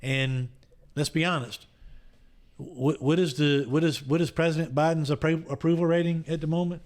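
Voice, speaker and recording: A man's voice: a little high, steady tone, moderate pace. A man hosting a podcast, talking in an easygoing, encouraging tone during casual chat. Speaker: podcast host.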